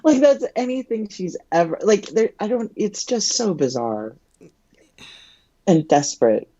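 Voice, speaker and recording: A woman's voice: mid-range voice, sing-song, a little slow, warm tone, lo-fi sound. A woman co-hosting a podcast, commenting on a recorded call in a dry, musing way. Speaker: podcast co-host.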